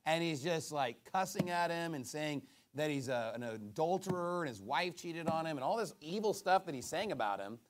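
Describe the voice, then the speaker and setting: A man delivers a sermon in a notably high-pitched voice. He is emphatic, surging into loud, forceful bursts, then dropping to low, quiet stretches. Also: lively intonation, normal speed, few pauses. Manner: emphatic, swings between booming and hushed. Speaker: preacher.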